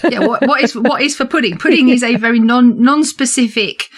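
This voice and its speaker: A woman guest from London with a soft Southeast English accent, telling stories in a casual, lively way. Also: on the high side, a little fast. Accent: Southeast English, softened. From London, England. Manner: lively storyteller, acts out voices. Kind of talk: casual interview chat.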